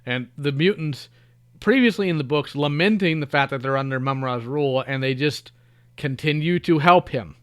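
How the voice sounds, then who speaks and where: A man on a podcast, chatting casually and critically, often trailing off quietly. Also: fairly high pitch, moderate pace, clear, resonant tone. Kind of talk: casual chat.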